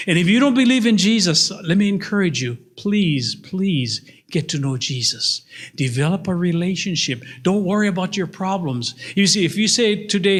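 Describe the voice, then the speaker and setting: A man's voice: animated, moderate pace. An older man preaching a sermon to his church, telling stories and acting out the voices in them. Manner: storytelling with acted-out voices and big pitch swings. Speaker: pastor. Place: church sanctuary. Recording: long hall reverb.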